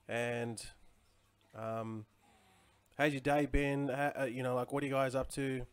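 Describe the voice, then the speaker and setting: A man in his forties hosts a crypto livestream from his home in Chiang Mai, chatting casually, rambling with plenty of fillers and greeting viewers by name. His mid-range voice barely moves in pitch, comes a little slow, and has a clean tone.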